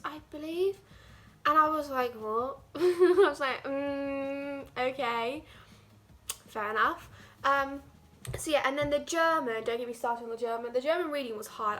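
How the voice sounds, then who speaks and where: Teen girl, high voice, chatty, rambling vlog talk, from England. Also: sharp tone. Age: teens. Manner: chatty, rambling, heavy use of "like". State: out of breath. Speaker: vlogger. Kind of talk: casual vlog chat.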